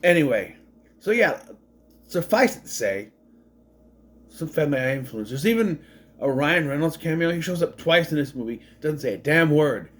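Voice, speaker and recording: A man's voice: on the high side, animated, normal speed, pauses often. A man casually recapping a film, wry and digressive, with frequent restarts and asides. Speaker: movie recapper.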